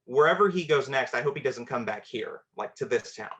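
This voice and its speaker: A man's voice: mid-range voice, lively intonation, fairly quick, a bit bright, muffled recording, natural voice. A man quoting a blasé teenage girlfriend. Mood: offhand.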